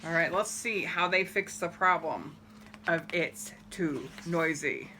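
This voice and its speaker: Reading a picture book to kids, this storyteller speaks in a lowish voice at a slow pace, with a little hiss or hum in the recording. She brings the story to life with lively acting and questions for the children.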